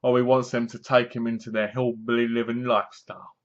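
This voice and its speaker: A man's voice: medium pitch, level tone, a little fast. A man giving a sarcastic, casual spoken review, often acting out lines in funny voices. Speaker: film reviewer. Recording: dull lo-fi sound.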